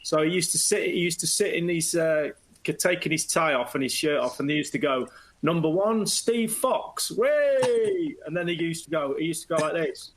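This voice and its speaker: A middle-aged man, a former footballer, telling anecdotes as a guest in a lively way and slipping into quoted voices. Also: a little high, fairly quick, poor audio. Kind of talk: anecdotal storytelling.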